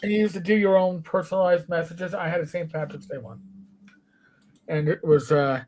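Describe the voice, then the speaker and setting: Former cop telling lively anecdotes. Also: male voice, on the high side, normal speed. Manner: anecdotal, animated storyteller. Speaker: former police officer, chat guest. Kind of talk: casual chat.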